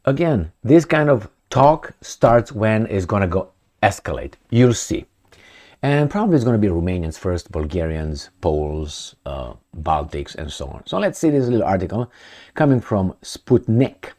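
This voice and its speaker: Sarcastic, animated male commentator. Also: lowish voice, normal speed. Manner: animated, sarcastic, mouths sound effects. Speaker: political commentator.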